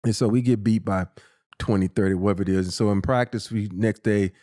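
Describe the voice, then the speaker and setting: A man in his fifties, a former pro athlete, tells stories in a casual interview with lively, profane energy. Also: lowish voice, a little fast. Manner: animated, profane storytelling, acting out quotes with laughter. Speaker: interview guest, former pro basketball player. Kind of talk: casual storytelling in a podcast sit-down.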